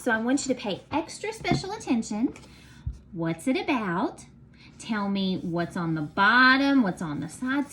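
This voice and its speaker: A woman teacher narrates a recorded lesson for young children. Her voice sits a little high and swings up and down in a singsong way. She keeps an unhurried, encouraging pace as she counts and spells aloud. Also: fairly bright tone, slight background noise.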